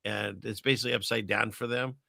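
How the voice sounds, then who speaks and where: Gravelly, bright-voiced man hosting a chat. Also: fairly low pitch, fairly even intonation, quick pace, no echo, clean studio sound. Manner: rambling, self-amused, chuckles at his own jokes. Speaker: podcast host. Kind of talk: casual chat.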